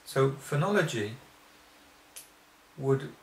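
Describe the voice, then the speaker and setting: A male teacher explains things at a very slow, deliberate pace. He stumbles, restarts sentences and clears his throat now and then. His voice rings in a roomy space over a faint background hum. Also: medium pitch, lively intonation. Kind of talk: spoken lesson.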